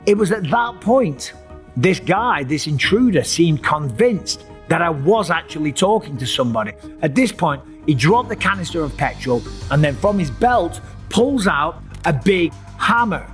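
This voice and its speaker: A middle-aged man, telling a dramatic personal story as host and acting out his own cries and voices. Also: on the high side. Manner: animated, acts out his own screams and voices.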